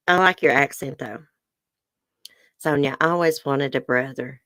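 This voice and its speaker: Middle-aged Southern woman, livestream host, low and chatty, dry close sound. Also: moderate pace, a bit bright, dry recording. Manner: chatty, laughs often, says y'all. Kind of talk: casual livestream chat with viewers. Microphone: webcam or phone close up.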